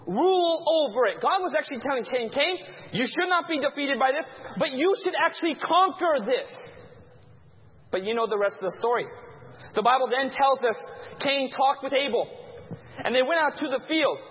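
A man's voice: very high-pitched, animated, normal speed. A man teaching a Bible class who keeps quizzing his listeners with fill-in-the-blank prompts. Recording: dull sound with long hall reverb.

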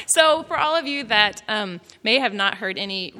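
A Texan woman runs a folksy gardening class, chatty and quick to giggle at herself. Her voice is bright and a little high. It rings with the long reverb of an indoor hall. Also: slight background noise. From Texas. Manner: chatty, giggly, self-deprecating.

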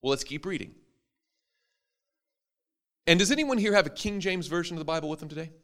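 A man's voice: on the high side, animated, brisk, a bit bright. A man, a preacher, teaching an interactive Bible class to a live audience, joking and quizzing them as he goes.

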